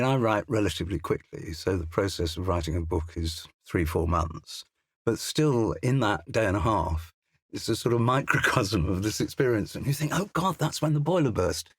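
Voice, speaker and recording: Speaking at a normal speed in a lowish, husky voice, an older Englishman who writes crime novels is being interviewed in a recording studio. His casual talk is halting and self-deprecating, full of restarts and side remarks. There is no echo.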